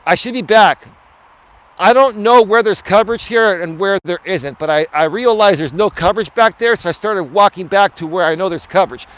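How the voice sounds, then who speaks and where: Walking around a building outside with his phone streaming, a man who works as a life coach talks frankly to viewers in a loose live-stream monologue. He has a high, fairly bright voice and a moderate pace.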